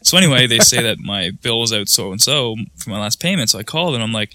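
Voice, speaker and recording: A man's voice: medium pitch, fast talker, hardly any pauses, no room sound. A man from Canada, co-hosting a podcast, telling a story in casual chat and acting out the quotes. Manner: animated storytelling with acted-out quotes. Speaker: podcast co-host.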